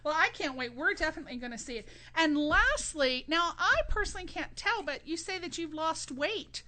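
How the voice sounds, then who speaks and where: A woman's voice: high voice, lively intonation, moderate pace, pushed and bright. A woman hosting a radio interview show, playful and teasing, laughing often with her guest.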